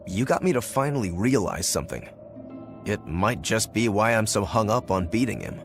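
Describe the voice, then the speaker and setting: A man's voice: on the low side, expressive, moderate pace, soft background music. An actor voicing a laid-back young swordsman in a video game, easygoing and matter-of-fact. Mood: calm.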